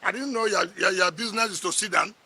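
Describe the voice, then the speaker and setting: A man's voice: sits high, fast, bright, forceful tone, breathy edge. A middle-aged man with a Nigerian accent, a politician sparring in a heated press interview, combative and scoffing, repeating his words.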